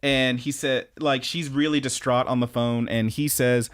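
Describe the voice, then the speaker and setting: A man co-hosts a podcast in easy, casual chat. He recaps scenes with animated energy, acting out the characters' lines and laughing often. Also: medium pitch, moderate pace, few pauses, smooth. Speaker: podcast co-host.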